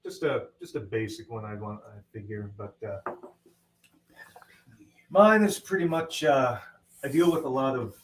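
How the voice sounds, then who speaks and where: A man's voice: mid-range voice, lively intonation, measured pace, long pauses. Blunt, exasperated man on echoey call. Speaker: co-host. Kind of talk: casual livestream chat. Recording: echoey distant call audio, faint noise.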